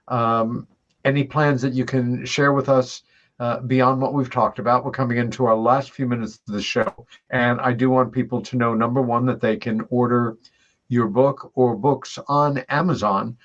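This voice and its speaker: A male talk-show host who speaks haltingly, pausing with fillers as he searches for words. His mid-range voice sounds dull and lo-fi. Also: mid-range voice. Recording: dull lo-fi audio.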